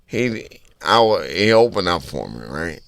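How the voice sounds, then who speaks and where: A man speaks slowly and takes his time, his voice bright and forceful, with a drawl. He laughs at himself as he tells a story of bombing on stage. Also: deep voice, sing-song, no echo. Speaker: guest comedian. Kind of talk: casual storytelling chat.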